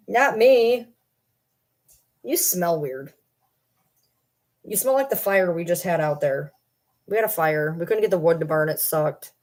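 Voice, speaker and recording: A woman's voice: fairly low pitch, darkish tone. Rambling, self-joking young woman streamer. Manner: rambling, joking about herself. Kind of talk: casual livestream chat. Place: at home.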